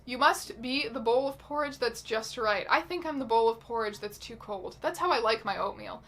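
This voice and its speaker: A woman hosting her own channel, reading out chat messages in a casual, wry, deadpan way with some swearing. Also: on the high side, moderate pace. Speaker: YouTube host.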